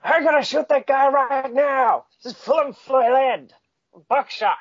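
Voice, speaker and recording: Casting: man playing a loud, very high-pitched yelling brawler, slow and brash, lo-fi. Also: breathy edge, dry recording, exaggerated voice. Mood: shouting. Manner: shouting, brash. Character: loud mustached shotgun brawler, male.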